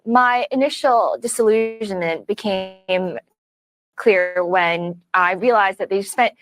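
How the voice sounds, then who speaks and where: A woman's voice: medium pitch, slow pace, a bit bright. A woman who was a campaign fundraiser, speaking indignantly and emphatically as an interview guest. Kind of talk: interview commentary.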